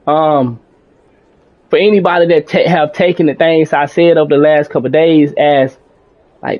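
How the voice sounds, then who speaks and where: A man streaming games, talking in a calm, rambling, self-reflective way, with many restarts and some casual swearing. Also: on the high side, moderate pace, dull audio. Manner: casual speech with mild swearing. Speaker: gaming streamer.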